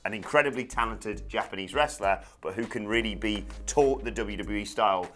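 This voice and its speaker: A man co-hosting a wrestling news show, working through his opinions in a thoughtful, rambling way. His voice sits on the low side. A faint music bed plays underneath. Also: fairly quick, fairly bright tone. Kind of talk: casual news chat.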